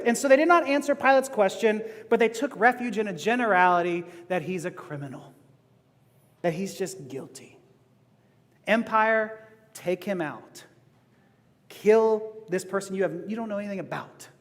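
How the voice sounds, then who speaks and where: A man preaching a sermon as pastor, animated and laughing as he goes. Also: high-pitched, long reverb tail. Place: church sanctuary.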